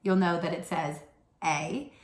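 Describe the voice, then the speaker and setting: A woman teaches a pre-K phonics lesson at an unhurried pace. Her voice sits a little low, and she sounds out each letter and word over and over with gentle exaggeration. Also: reverberant. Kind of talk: slow early-childhood phonics lesson.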